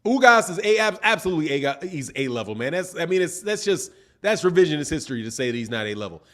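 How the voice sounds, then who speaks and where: Male stream host with a high voice, argumentative, fond of rhetorical questions. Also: fast. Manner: animated, argumentative, asks repeated rhetorical questions. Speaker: boxing channel host. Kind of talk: live-stream commentary, reading viewer chats.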